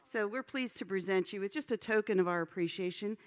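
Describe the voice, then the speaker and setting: A woman's voice: medium pitch, fairly quick. A woman hosting a live event, thanking the guest and presenting a gift in a polished manner. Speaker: event host. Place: large event hall. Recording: hall reverb with audience.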